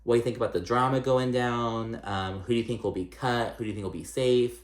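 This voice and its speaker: A man's voice: medium pitch, fairly even intonation, fairly quick. A man giving a casual, gossipy recap of a reality show, chatty and salty, with lots of "like" and "um". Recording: echoey room.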